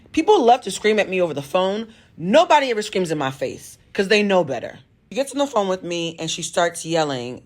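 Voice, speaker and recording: A woman tells a personal story straight to camera in a blunt, emphatic way. She works as a tarot reader and life coach. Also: deep voice. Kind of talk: storytime monologue.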